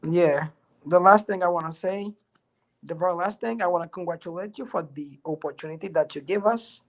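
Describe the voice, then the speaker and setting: A man's voice: high voice, brisk. A man with a Haitian accent, a student thanking and congratulating his teacher. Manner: grateful, congratulating. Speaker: student in a class debate.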